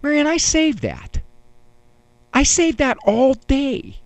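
A man's voice: extremely high pitch, huge pitch swings, slow, no echo, pitched above the performer's own voice, exaggerated voice. A man putting on a whiny pleading little boy. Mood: whining. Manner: whiny, quivering, groveling.

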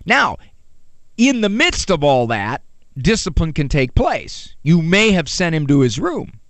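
A man giving a humorous parenting talk, animated, with joking asides and rhetorical questions. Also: fairly high pitch, a little slow, dry recording. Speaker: parenting speaker.

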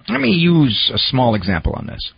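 A man's voice: medium pitch, vocal fry, husky, no room sound, dull audio. A man giving a conversational talk on psychology, working through everyday examples and posing questions to the listener. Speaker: speaker on psychology and self-help. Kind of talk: conversational lecture.

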